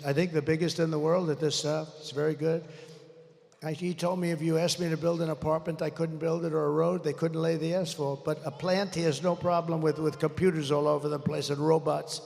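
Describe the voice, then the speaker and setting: A man in his seventies giving a rambling, boastful, combative campaign rally speech, his throat strained from shouting into a podium microphone. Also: a little high, steady tone, brisk, vocal fry. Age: 70s. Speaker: presidential candidate. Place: large indoor rally venue. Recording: echoey arena with faint crowd.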